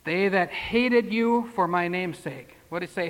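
High-voiced preacher in an echoing hall. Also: male voice, unhurried, few pauses, fairly bright tone. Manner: conversational preaching, rhetorical questions, folksy asides. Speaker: pastor. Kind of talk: sermon. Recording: long hall reverb.

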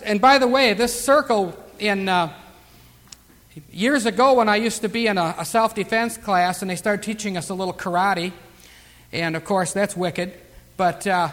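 A man preaching a sermon, reading scripture slowly and emphatically. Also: high-pitched, fairly bright tone. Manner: emphatic scripture reading, slow drawn-out verses. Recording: long reverb of a hall.

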